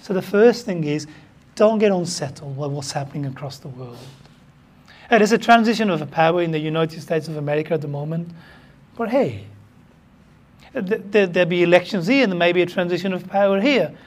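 Excitable pastor preaching. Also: fairly quick. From United Kingdom. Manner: excitable, animated preaching with sudden jumps in pitch and loudness. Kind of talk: sermon.

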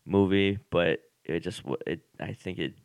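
A man's voice: low-pitched, moderate pace, clean tone, no room sound. A man co-hosting a podcast in casual chat, rambling with many fillers and restarts. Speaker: podcast co-host.

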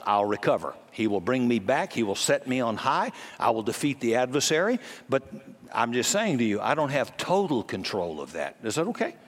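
An older man preaching a sermon in a folksy, conversational way with quick jokes, in a church hall. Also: mid-range voice. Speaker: pastor.

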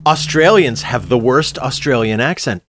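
A man's voice: mid-range voice, animated, moderate pace, a bit bright, slight background noise. A man co-hosting a podcast, grumbling emphatically in casual chat, often restarting his sentences. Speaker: podcast co-host.

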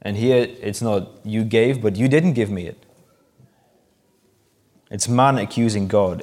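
Lowish-voiced man preaching a sermon. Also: measured pace, pauses often, a little mellow. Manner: explanatory, acts out quoted lines with rising emphasis.

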